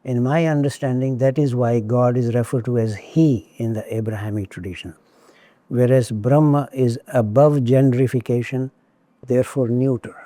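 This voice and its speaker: A man giving a lecture on spiritual traditions, speaking in a measured, deliberate way with occasional wry asides. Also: mid-range voice, steady tone, dark tone, no echo.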